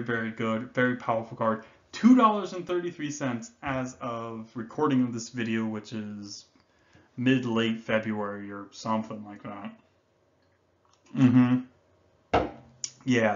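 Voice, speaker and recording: A man hosting a card game finance video, talking excitedly and rambling, with casual swearing and many restarts. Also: medium pitch, dull audio.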